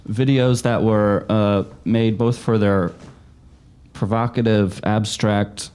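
A man hosting a show, thanking guests and introducing the next segment in a relaxed, hesitant way. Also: fairly low pitch, slow pace, clear, resonant tone. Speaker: radio show host. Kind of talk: casual hosting.

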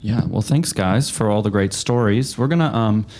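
A man hosting a show, thanking guests and introducing the next segment in a relaxed, hesitant way. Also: fairly low pitch, moderate pace, slight background noise. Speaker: radio show host. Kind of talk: casual hosting.

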